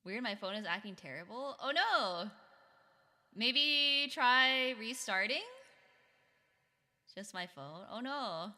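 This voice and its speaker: Woman streamer, very bright voice, giggly chat, long reverb. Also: a little high, lively intonation, slow pace, pauses often. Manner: chatty, giggly, reads chat aloud. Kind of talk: casual live-stream chat.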